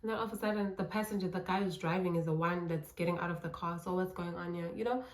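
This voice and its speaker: A woman's voice: lowish voice, fast, roomy sound. A South African woman telling a personal story for her vlog, acting out what she and others said. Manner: animated storytelling, acting out her own past lines. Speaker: YouTuber.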